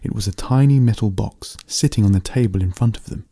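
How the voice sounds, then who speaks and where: A man reading a story aloud in a steady, plain narrating voice. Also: lowish voice, a little fast, breathy edge.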